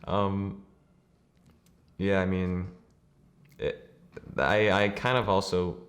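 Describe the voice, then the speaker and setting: A man's voice: sits low, level tone, takes it slowly. A man co-hosting a podcast, reviewing a film in casual, rambling chat and laughing often. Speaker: podcast co-host.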